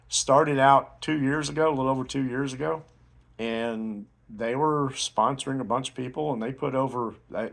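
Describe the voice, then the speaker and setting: A man giving a casual motivational sales talk, telling a long story in a rambling way with many fillers and restarts. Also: mid-range voice. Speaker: network marketing promoter.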